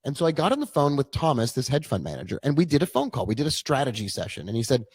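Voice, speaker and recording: A man's voice: mid-range voice, very animated, quick pace, darkish tone, slightly rough. A man in his forties, a trading coach, telling his own story in a casual, chatty live-stream talk full of asides.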